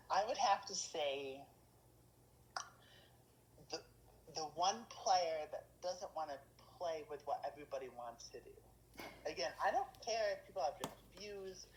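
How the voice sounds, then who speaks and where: A woman's voice: low-pitched, animated, measured pace, pauses often, slight background noise, poor audio. A woman dungeon master, a guest in a casual interview, rambling with lots of fillers and restarts.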